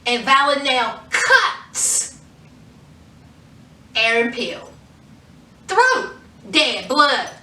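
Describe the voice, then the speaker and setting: A woman recapping a TV episode in a casual, animated way, acting out the characters' lines. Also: sits high, drawn-out words, pauses often, echoey room, far from the mic. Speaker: TV show reviewer.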